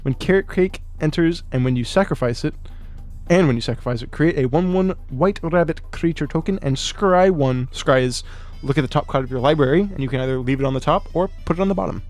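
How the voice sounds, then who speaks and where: A fairly high-voiced man chats on a live stream, swearing freely and breaking into laughter between stretches of card text. Faint music plays under his voice. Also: fairly quick. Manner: profane, excitable, laughs often, reads card text and reacts to chat. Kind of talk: casual live-stream chat, reading card text aloud.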